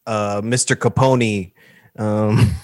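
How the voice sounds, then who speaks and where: A goofy man on a video call, talking slowly and laid back. His voice is dry and close to the mic. His tone is playful. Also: fairly low pitch, steady tone, no echo. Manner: goofy, breaks into song, laughs. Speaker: podcast co-host. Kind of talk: casual chat.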